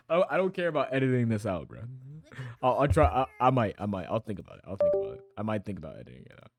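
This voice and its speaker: A man's voice: lowish voice, big pitch swings, fast, gravelly, over loud music. A young man streaming a reaction, talking in a casual, rambling, profane way and correcting himself as he goes.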